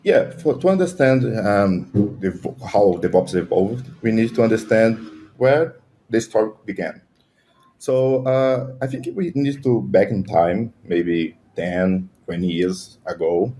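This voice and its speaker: A man talking as a guest engineer on a casual tech podcast, telling a story in a halting, playful way. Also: lowish voice, lively intonation, mellow, a little hiss or hum.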